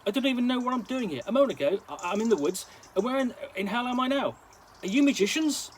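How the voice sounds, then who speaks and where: A man voicing a bewildered young woman warrior who speaks in halting, hot-tempered bursts. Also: sits high, expressive, slight background noise. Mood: indignant. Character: bewildered young woman adventurer, a warrior lost in a strange land.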